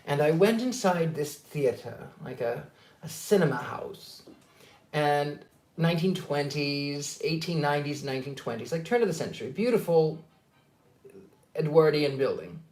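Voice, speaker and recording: A man's voice: on the high side, lively intonation, moderate pace, darkish tone. A man who hosts as a psychic, telling stories casually on a live stream in a chatty, digressive way with frequent fillers. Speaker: psychic medium host. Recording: roomy echo.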